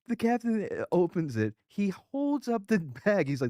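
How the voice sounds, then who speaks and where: A man's voice: sits high, normal speed, no room sound, clean studio sound. A man, a military veteran co-hosting a podcast, telling a war story in profane casual chat and acting out the people in it. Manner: profane, animated war storyteller doing voices. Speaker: co-host, veteran.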